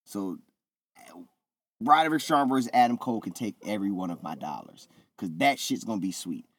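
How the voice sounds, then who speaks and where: A man co-hosting a casual wrestling podcast, telling stories in an animated way and acting out what people said. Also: on the low side, a little fast, no room sound. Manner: animated storyteller, acts out quotes. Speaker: podcast co-host.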